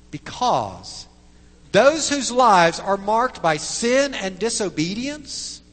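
A man's voice: high voice, fairly bright tone, long reverb tail. A man preaching a sermon as pastor, emphatic, with repeated tag questions to the congregation.

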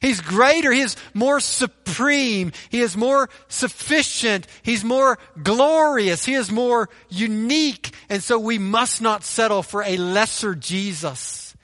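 Male pastor, sermon delivery, keeps asking "right?", bright tone, long hall echo. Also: very high-pitched, slow pace, few pauses. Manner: preaches with rhetorical "right?" tags and repetition.

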